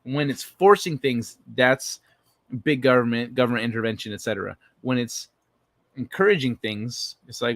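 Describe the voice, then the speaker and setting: A man's voice: mid-range voice, moderate pace, a bit bright, dry recording. A man hosting a casual livestream, reading chat messages aloud and answering them in a blunt, profane way.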